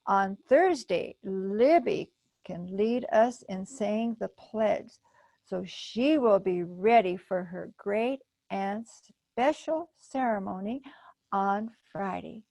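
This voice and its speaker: Kind teacher lady, slow and careful, a librarian reading her, kinda gravelly. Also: mid-range voice, mellow, dry recording. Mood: encouraging. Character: kind female schoolteacher, patient.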